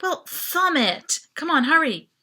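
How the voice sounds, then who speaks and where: A woman's voice: high-pitched, sing-song, measured pace, sharp tone, pitched above the performer's own voice, exaggerated voice. A woman voicing an impatient, frantic teenage boy who talks in urgent exclamations.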